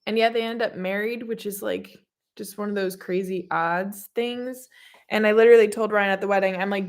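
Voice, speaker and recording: A woman's voice: medium pitch, steady tone, moderate pace. A young woman co-hosting a casual livestream, reading out viewer comments and easily getting sidetracked. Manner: chatty, easily sidetracked, laughs often. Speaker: co-host of a livestream Q&A.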